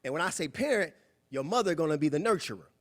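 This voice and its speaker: A young man giving a preachy, animated motivational talk at a club meeting, acting out quoted voices. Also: on the high side, fast talker. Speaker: guest speaker. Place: meeting room.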